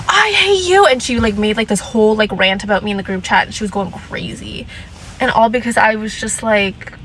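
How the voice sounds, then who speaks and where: A woman's voice: medium pitch, a bit bright, slight background noise, low-quality recording. Sassy young woman giving blunt advice. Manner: sassy, emphatic, fond of repeating lines; drops into mocking voices to quote people. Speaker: vlogger. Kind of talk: casual advice rant.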